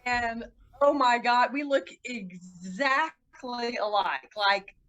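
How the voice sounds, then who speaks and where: A woman with a fairly high voice tells her life story as a podcast guest. She talks casually and earnestly, restarting her sentences as she goes. When she quotes people, her pitch jumps sharply. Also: a bit bright, highs cut off. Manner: earnest, halting, with frequent restarts.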